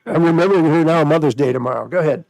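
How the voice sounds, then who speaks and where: Radio host guy, talks fast, slightly high voice, dry studio sound, faint music under. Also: vocal fry, a little mellow, dry recording. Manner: fast-talking, spells things out slowly. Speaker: radio show host, financial planner. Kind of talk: call-in radio talk.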